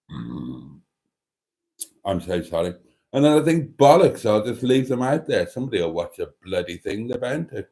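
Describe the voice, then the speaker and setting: A man's voice: medium pitch, very animated, unhurried, gravelly, pauses often, a little mellow. A man hosting a livestream, reading out viewer comments in a casual, wry, teasing way with mock-serious rambling asides. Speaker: livestream host.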